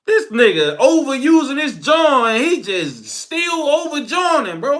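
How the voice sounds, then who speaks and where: Young man, very high and bright voice, crude ranting commentary. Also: a little slow. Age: young adult. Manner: animated, crude, laughing. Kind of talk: profane solo commentary rant.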